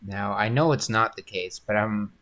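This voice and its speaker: A man's voice: lowish voice, moderate pace, a bit bright. A man hosting a painting livestream, chatting casually and rambling, with frequent laughs. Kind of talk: casual chat while painting.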